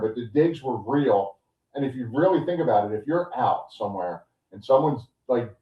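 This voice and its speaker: A man co-hosting a casual podcast, telling a story in a loose, animated way full of fillers. He sits back from the mic in a roomy space, so the sound is dull and reverberant. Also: lowish voice, far from the mic. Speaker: podcast co-host. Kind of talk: casual chat, recapping a wrestling show.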